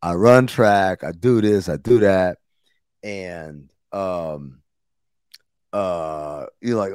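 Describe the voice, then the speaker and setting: A young man hosting a podcast, telling a story in an animated, profane, slangy way. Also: low-pitched, drawn-out words, clear, resonant tone, dry recording, clean studio sound. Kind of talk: comedic storytelling.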